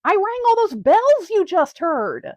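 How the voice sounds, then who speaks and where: Woman as a mocking, bawdy female ghost; lively, dry comedy read. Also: extremely high pitch, a little slow, dry recording, exaggerated voice. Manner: crude, teasing, mocking. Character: bawdy prankster female ghost, over a century old. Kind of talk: comedic audio drama.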